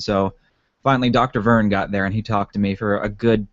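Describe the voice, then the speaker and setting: A man's voice: lowish voice, steady tone, fairly quick, no room sound, highs cut off. A man co-hosting a podcast in casual chat, rambling with lots of fillers and laughs. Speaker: podcast co-host.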